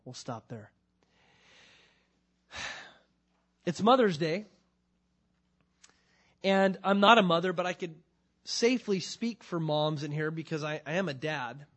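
A middle-aged man preaching as a pastor, praying, reading scripture and telling stories in an earnest, conversational way with emphatic bursts. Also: on the high side. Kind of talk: sermon with prayer and scripture reading.

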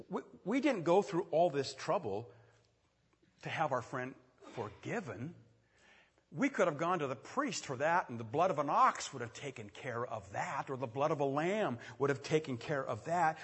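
Husky preacher in an echoey hall. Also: male voice, a little high. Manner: animated storytelling with quick asides and sudden loud swells. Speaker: pastor. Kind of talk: sermon. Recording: echoey hall with long reverb.

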